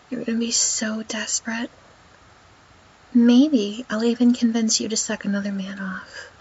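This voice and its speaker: A woman in a whispered role-play, talking in a domineering, teasing way with a breathy voice. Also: a little high. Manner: domineering and teasing, slow and deliberate. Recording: dull lo-fi recording.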